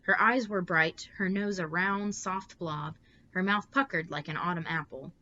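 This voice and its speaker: A woman reading a bedtime story aloud in a steady, expressive way. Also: on the low side, unhurried, dull audio, slight background noise.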